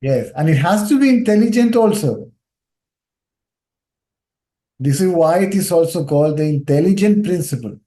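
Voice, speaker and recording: Man, Indian-tinged English accent, spiritual teacher, patient explaining, warm low brightness, roomy echo. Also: animated, moderate pace, pauses often. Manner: explains patiently, keeps checking with "right?". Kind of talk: nondual teaching talk.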